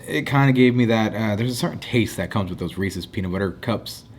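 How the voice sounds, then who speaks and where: Laid-back man giving slow ratings. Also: fairly low pitch, a little hiss or hum. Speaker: co-host rating food. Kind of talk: casual food review chat.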